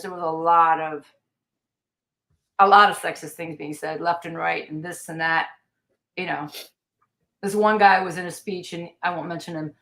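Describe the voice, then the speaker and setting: A middle-aged American woman, a taekwondo master and podcast guest, telling stories with energy and acting out the lines of people she quotes. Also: fairly low pitch. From United States. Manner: lively storyteller, acts out quoted lines. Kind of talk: storytelling in a podcast interview.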